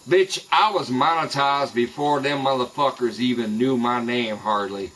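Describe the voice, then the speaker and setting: This is a man at medium pitch and moderate speed, with noise in the background. He's on an angry live stream from his home in the American Midwest, cursing heavily at those he says have been lying about him.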